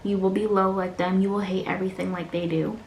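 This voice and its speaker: A woman, talking earnestly and haltingly in a personal vlog, close to tears and sometimes dropping to a soft whisper. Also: medium pitch, little pitch movement. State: near tears. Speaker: beauty vlogger. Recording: echoey room with faint noise.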